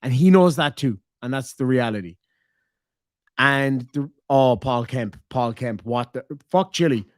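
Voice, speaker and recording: A man's voice: medium pitch, unhurried, dry recording. Irish man, livestream chat, teasing, frequent swearing, dry sound. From Ireland. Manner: swears a lot, teasing banter. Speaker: streamer.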